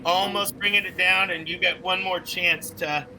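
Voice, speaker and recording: A man's voice: high-pitched, steady tone, moderate pace, pushed and bright, slight background noise, rough recording. A young man narrating as game master of a tabletop game, loose and full of fillers.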